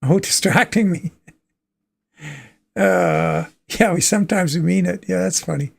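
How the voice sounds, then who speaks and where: Playing a trucking game on his livestream, a man from Canada chats casually, thinks out loud, and lets out easy chuckles. He speaks at a measured pace in a high, creaky voice with a breathy edge.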